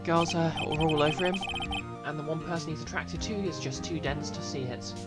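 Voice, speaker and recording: A woman's voice: deep voice, moderate pace. A woman streamer making chatty, joking asides while playing a game. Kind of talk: casual game commentary. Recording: loud game music behind.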